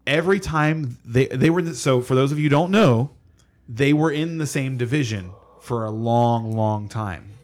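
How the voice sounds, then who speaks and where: Brief: male podcast co-host, excitable, rambling football chatter, often laughing. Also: medium pitch, normal speed. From California. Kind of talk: casual sports chat.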